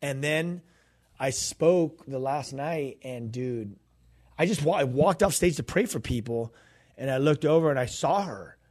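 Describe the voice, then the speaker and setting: A man's voice: a little high, a little slow, darkish tone. A man co-hosting a faith podcast, telling a story in a casual chat and acting out the quoted dialogue. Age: adult, grown pastor's kid. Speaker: podcast co-host and minister.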